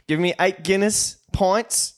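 A man with a voice that sits a little high, hosting a loose podcast chat. He rambles, trips over his own restarts, and keeps the banter rolling. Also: steady tone, slow, clean tone. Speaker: podcast host.

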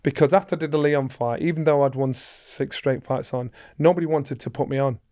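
A man's voice: medium pitch, fairly even intonation, brisk, warm tone. A middle-aged man, a guest in an interview, who tells a long story with energy and acts out the voices of the people in it. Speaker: guest, former boxing world champion.

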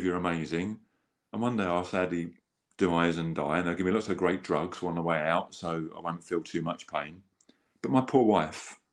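Man, low pitch, earnest, rambling, conversational storytelling. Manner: earnest, rambling with restarts and acted-out quotes. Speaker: guest.

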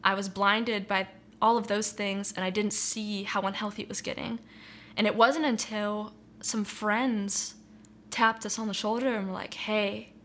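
Bright-voiced young woman sharing testimony. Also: medium pitch, a little hiss or hum. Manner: earnest, reflective, uses filler "like" and "you know". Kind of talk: personal testimony, candid conversational storytelling.

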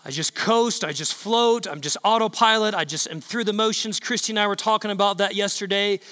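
A male pastor preaching a sermon in a large church hall, emphatic and repetitive, building up to shouts. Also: high voice, a little fast.

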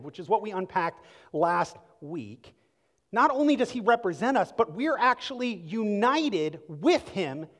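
A male pastor delivers a sermon in a high, bright-pitched voice. He preaches conversationally, leaning hard on emphatic phrases and rhetorical questions. The sound carries a long reverb from a large hall.

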